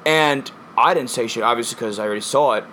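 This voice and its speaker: A young man co-hosting a podcast, chatting casually and telling animated, profane stories. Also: medium pitch, fast, slight background noise. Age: young adult. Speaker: podcast co-host. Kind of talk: casual chat.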